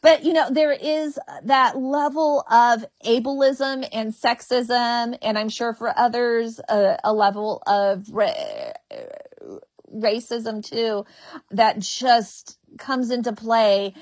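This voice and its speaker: Woman, stutters on first sounds, frank and funny, slow unhurried delivery, dry close sound. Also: fairly high pitch, fairly even intonation, dry recording. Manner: frank and humorous. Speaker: comedian guest. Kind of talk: candid interview conversation.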